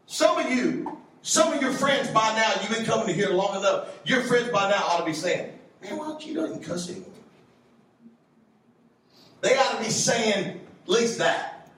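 A man preaching a lively youth sermon as pastor, animated and acting out voices as he jokes with the kids. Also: sits high, moderate pace. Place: church youth service hall. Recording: echoey hall, mic from far off, background noise.

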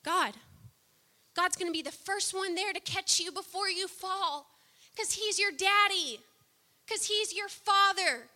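A woman preaching a sermon, impassioned, swinging from soft, low passages to loud outbursts. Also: a little slow.

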